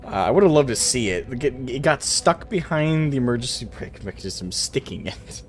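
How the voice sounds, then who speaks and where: A man hosting a casual voice chat while gaming, telling animated stories and swearing freely. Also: mid-range voice, normal speed, soft background music. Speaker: streamer host.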